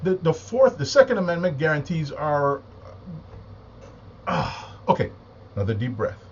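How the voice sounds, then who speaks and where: A man's voice: sing-song, moderate pace. Agitated male commentator, emphatic and repetitive, slightly muffled lo-fi audio. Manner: agitated, emphatic, repeats words and takes deep breaths. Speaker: political commentator. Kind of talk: impassioned monologue. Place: home, with a small AM radio nearby. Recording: slightly dull lo-fi recording with faint noise.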